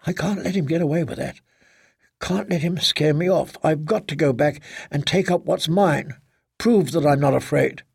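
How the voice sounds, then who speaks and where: A man's voice: fairly high pitch, moderate pace, gravelly, husky, no room sound, clean studio sound. A man voicing a frightened grown daughter in an audiobook, speaking in a pleading, tremulous way. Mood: determined. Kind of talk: audiobook character voice.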